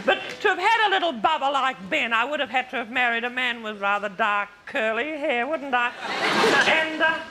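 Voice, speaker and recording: A man's voice: very high voice, expressive, normal speed. A man performing a vain, gushing female megastar with an Australian accent, live on stage in a TV studio, condescending and full of sly innuendo. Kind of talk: live stand-up character act. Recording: loud live studio with roaring crowd and noise.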